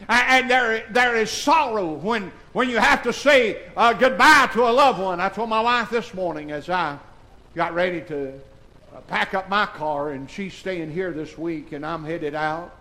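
Male pastor in his 60s, high, ringing voice, moves between shouted preaching and near-tearful confession. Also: unhurried, low-quality recording. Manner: swings from shouted preaching to soft, tearful confiding. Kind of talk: emotional sermon. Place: church sanctuary.

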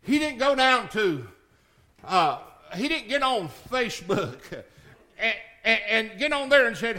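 A middle-aged male pastor preaching a sermon in a church, folksy, moving between quiet storytelling and shouted climaxes. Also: high voice, sing-song, slow pace, long pauses.

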